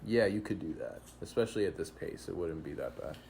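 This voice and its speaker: A man running a tabletop game as game master, narrating with many pauses and fillers. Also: deep voice, lively intonation, vocal fry, darkish tone, slight background noise. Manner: hesitant, filler-heavy narration.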